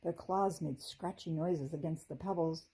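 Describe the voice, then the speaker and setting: Gentle, breathy woman teacher reading aloud. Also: low-pitched, moderate pace, poor audio. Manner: gentle, expressive storytelling. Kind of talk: reading a children's book aloud.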